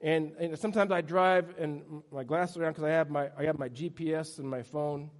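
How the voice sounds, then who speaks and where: Male pastor, playful storytelling preacher, higher-pitched voice, long reverb from the room. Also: steady tone, fairly quick. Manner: humorous storytelling, self-deprecating. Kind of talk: sermon. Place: church sanctuary.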